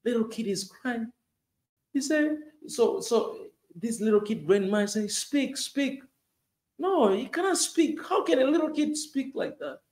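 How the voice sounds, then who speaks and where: A man's voice: extremely high pitch, expressive, unhurried, darkish tone. A man giving impassioned, casual commentary on the news, repeating himself and saying "man" often. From Tanzania. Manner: emotional, repetitive, says "man" often, voice rising in outrage.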